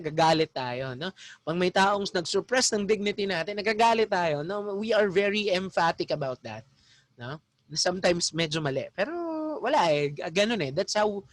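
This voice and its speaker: A man's voice: fairly high pitch, a bit bright, dry recording. A young man with a Filipino accent lecturing his class, tagging his points with "no?" and switching between Tagalog and English. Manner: mixes Tagalog and English, tags lines with "no?". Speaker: teacher.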